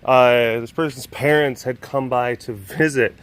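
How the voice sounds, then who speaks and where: A man vlogging outdoors by animal enclosures, telling stories with a laugh and then talking softly to calm a big cat. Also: mid-range voice, a little slow, clean tone. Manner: rambling, laughing storyteller who shifts to hushed coaxing talk with a big cat. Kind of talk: casual vlog chat.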